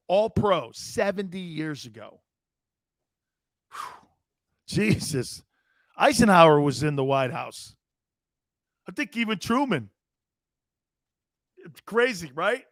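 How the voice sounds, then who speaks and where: An excitable man from Connecticut hosts a sports talk show, rambling from story to story and laughing often. His voice sits a touch high for a man. The sound is dry and close on the mic. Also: slow pace, pauses often, no room sound. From Connecticut, United States.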